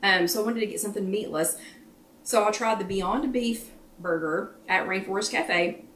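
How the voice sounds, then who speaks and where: A woman's voice: mid-range voice, moderate pace, a bit bright, slight background noise. A middle-aged woman chats casually on a live stream, greeting viewers by name in between her own stories. Her voice sits in a middle register. She speaks from some distance off the mic, in a room with an echo. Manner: chatty, greets viewers by name mid-sentence. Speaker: host of a live weekly wellness chat. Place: at home.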